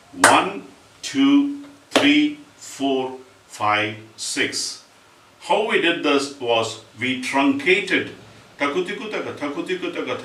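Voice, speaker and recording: A man's voice: mid-range voice, a little hiss or hum. Man reciting rhythm syllables. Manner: explains step by step, then recites rhythm syllables loudly and fast. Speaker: Carnatic rhythm teacher. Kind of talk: spoken music lesson with recited rhythm syllables. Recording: roomy, distant mic, faint ambience.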